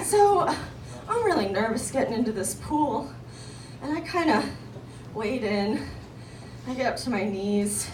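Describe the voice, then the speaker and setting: A young woman performing a stand-up comedy set, telling a story in an animated way with voiced quotes. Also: on the high side, unhurried, long pauses. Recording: roomy live venue from a distance, audience noise.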